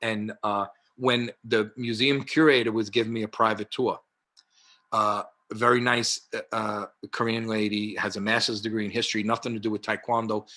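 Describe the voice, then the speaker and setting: A man's voice: lowish voice, normal speed. A man in his sixties with a New York accent, a guest telling rambling anecdotes full of fillers over a video call. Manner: rambling, many fillers and restarts, animated anecdotes. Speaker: martial arts historian guest. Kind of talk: casual storytelling interview.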